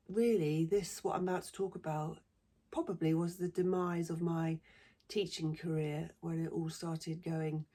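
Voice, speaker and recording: A woman's voice: fairly low pitch, dark tone. A middle-aged woman with a southern English accent, a former secondary teacher talking bluntly and swearing freely in a casual monologue. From southern England.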